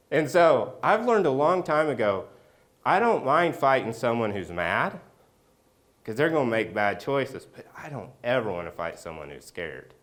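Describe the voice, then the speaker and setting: A man preaching a sermon as pastor, telling a personal story and acting out the scenes with loud outbursts. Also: fairly low pitch, lively intonation, normal speed. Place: church sanctuary.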